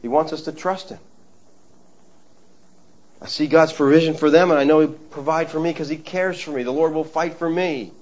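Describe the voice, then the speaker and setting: A man's voice: a little high, fairly even intonation, moderate pace, long pauses. A middle-aged man preaching a sermon in a folksy, emphatic way, calling his listeners folks. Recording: dull lo-fi recording.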